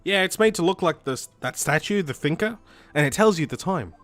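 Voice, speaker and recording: Composed older-sister lawyer for a game, voiced by a man, gentle, measured. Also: fairly high pitch, animated, soft background music. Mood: calm. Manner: gentle, measured, softly teasing.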